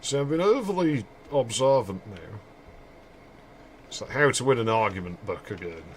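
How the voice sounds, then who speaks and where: Man, casual game commentary, joking asides, mid-pitched voice. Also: animated, moderate pace, a little hiss or hum. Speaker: streamer.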